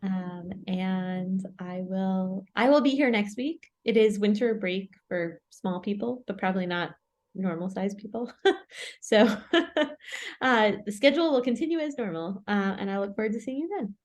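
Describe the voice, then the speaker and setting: Woman running a torah study chat, talky, lots of "right?" and "like", mid-pitched voice. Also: measured pace. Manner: chatty, many "like" and "right?" asides. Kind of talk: casual group discussion.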